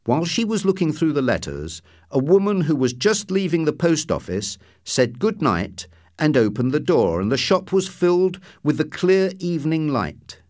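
A man reading a story aloud as narrator, in a steady, measured storytelling voice. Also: on the high side, no echo, clean studio sound. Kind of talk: scripted audiobook narration.

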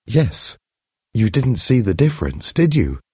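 A man's voice: fairly low pitch, big pitch swings, measured pace, warm tone, husky, no echo, studio quality, pitched above the performer's own voice, full character voice. A man reading a story aloud, voicing a poor, worn-down woman in a slightly raised, earnest voice.

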